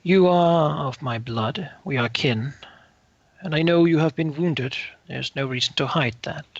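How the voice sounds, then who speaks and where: A man's voice: fairly high pitch, a little slow, no room sound, highs cut off. A man voicing a stern, formal noble lord in a tabletop game. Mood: grave.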